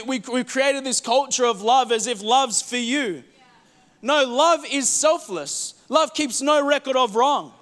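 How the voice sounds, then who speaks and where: A man's voice: high voice, bright, forceful tone, in a large hall. A pastor preaching a sermon to his congregation, earnest and pleading, often repeating words as he presses a point. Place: church hall.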